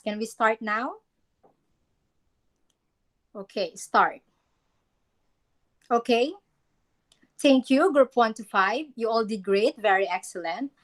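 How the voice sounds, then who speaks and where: Woman, class teacher, somewhat high voice, instructive, models words by saying them twice. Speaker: English teacher. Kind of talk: classroom lesson on poem reading and pronunciation.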